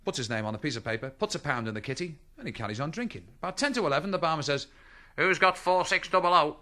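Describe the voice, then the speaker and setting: A man's voice: medium pitch, sing-song, rapid-fire, bright, forceful tone. A middle-aged man doing a stand-up routine, chatting to the audience and throwing them rhetorical questions. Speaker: stand-up comedian. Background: audience laughter.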